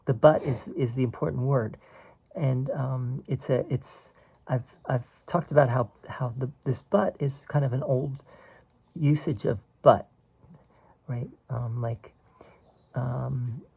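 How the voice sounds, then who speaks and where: A man's voice: medium pitch, slow pace, creaky, darkish tone, breathy edge. A man teaching a spiritual text in a casual, conversational way, explaining passages and often checking in with "right?". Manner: explains quoted text line by line.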